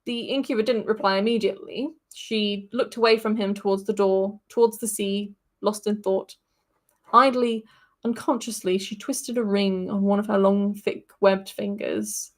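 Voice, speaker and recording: A woman's voice: mid-range voice, fairly even intonation, normal speed. A woman hosting a podcast, reading a fantasy story aloud and breaking off now and then for casual asides.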